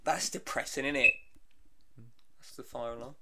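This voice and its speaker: A man's voice: mid-range voice, fairly even intonation, moderate pace, sharp tone. A man co-hosting a comedy podcast, bantering in casual chat and giggling with mock exasperation. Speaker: podcast co-host and editor.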